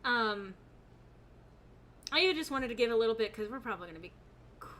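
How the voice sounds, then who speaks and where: Young woman gaming streamer, bright higher voice, giggly, rambling chat reader. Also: animated, fairly quick, slight background noise. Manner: laughs often, reads chat aloud, rambling. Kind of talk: casual live-stream chat.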